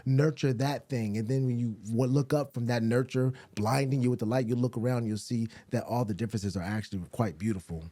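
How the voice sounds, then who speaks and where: Southern male guest, mellow dark voice, dry close sound, animated rambling talker with a salty mouth. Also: a little fast, hardly any pauses, no room sound. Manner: animated, rambling, swears freely, jumps into high laughing asides. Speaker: actor and director, podcast guest. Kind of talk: casual conversational interview.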